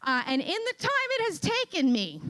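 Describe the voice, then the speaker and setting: A woman with a New York accent telling a comic story on stage, animated and exclaiming, often tagging lines with "right?". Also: extremely high pitch, normal speed. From Queens, New York. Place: event stage before an audience.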